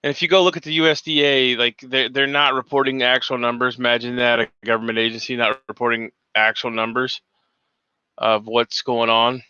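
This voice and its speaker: A man's voice: medium pitch, flat delivery, a little fast, sharp tone, smooth, no echo, lo-fi sound. A man hosting a casual morning talk show, rambling and cursing freely with many restarts. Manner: rambling, profane, restarts often. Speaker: podcast host.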